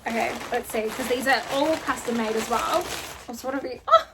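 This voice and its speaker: A woman's voice: a little high, brisk, noisy background. A young woman from New Zealand, gushing and emotional as she chats through an unboxing vlog and swears casually. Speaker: vlogger.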